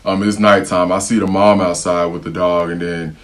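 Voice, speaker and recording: A young American man telling a personal travel story to the camera in a casual, slangy, animated way, acting out what other people said. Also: sits low, moderate pace. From United States.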